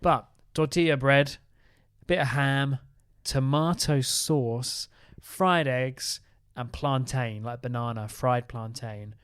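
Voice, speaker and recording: A man's voice: medium pitch, fairly even intonation, a bit bright, clear, resonant tone, no echo, clean studio sound. A man co-hosting a travel vlog, running through a list in an upbeat, jokey manner. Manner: upbeat, jokey, quick list-style rundowns. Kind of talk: casual chat.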